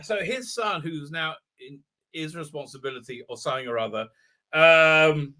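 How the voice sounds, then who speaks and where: Male host, rambling exasperated review rant, high-pitched. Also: normal speed, sharp tone. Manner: exasperated, incredulous, full of fillers, mocking quotes. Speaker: show host reviewing an episode. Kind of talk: rambling ranting recap.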